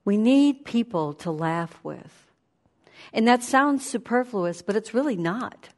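A woman giving a conversational sermon, animated and storytelling. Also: on the high side, slow pace. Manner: animated, storytelling, laughs while speaking.

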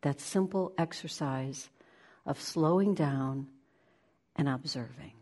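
A woman giving a spiritual talk, shifting between lively play-acting of inner voices and slow, hushed guidance. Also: deep voice. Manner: animated, acts out inner voices with laughter; slows into soft, hushed guidance. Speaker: spiritual teacher.

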